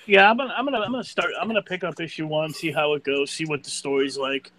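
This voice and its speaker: A man's voice: on the high side, fairly even intonation, quick pace, bright, forceful tone, a little hiss or hum, poor audio. A man on a casual comic book podcast panel, talking jokily and tripping over repeated words. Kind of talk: casual chat reviewing comics.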